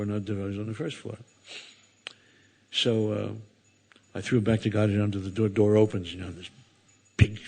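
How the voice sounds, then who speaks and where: An older man giving a sermon to a temple audience, telling a story with many asides and acting out the voices. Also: fairly low pitch. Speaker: temple speaker. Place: temple hall before an audience.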